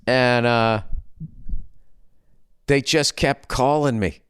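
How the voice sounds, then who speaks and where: A man in his fifties with a Boston accent, a comedian telling a profane, animated story on his podcast. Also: medium pitch, extremely slow, clean tone, no room sound, studio quality. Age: 50s. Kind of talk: storytelling monologue.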